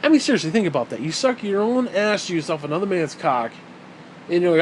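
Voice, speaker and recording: A man's voice: sits high, sing-song, brisk, a little hiss or hum, rough recording. A man delivering a heated, profane and sarcastic ranting monologue as a vlogger.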